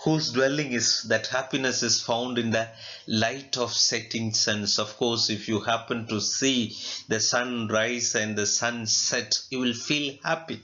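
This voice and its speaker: A male literature teacher with an Indian English accent, explaining a poem line by line in a slow lecture, asking himself questions and adding fillers. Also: medium pitch, steady tone, pushed and bright. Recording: dull lo-fi recording.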